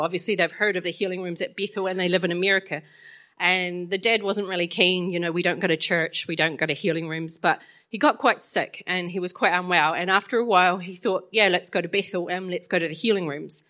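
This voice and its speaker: A woman's voice: medium pitch, fairly bright tone. Chatty woman preaching with stories. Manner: chatty, storytelling, laughs often. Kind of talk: sermon.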